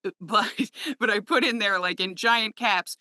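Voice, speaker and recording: A woman's voice: mid-range voice, fairly even intonation, moderate pace, pushed and bright, no room sound, clean studio sound. A woman audiobook narrator hosting a casual chat, laughing often and slipping into quoted speech.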